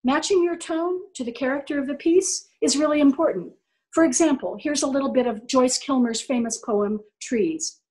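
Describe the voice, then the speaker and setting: A woman teaching an online violin class from home over a video call, animated and demonstrative, often checking in with her students. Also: high voice, moderate pace, low-quality recording. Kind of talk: online music class lecture.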